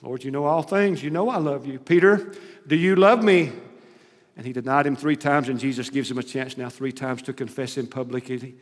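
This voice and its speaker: Emphatic preacher in an echoing hall. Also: male voice, mid-range voice, steady tone, fairly quick, few pauses. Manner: dramatic storytelling, voice rising to emphatic peaks. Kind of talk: sermon. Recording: long hall reverb.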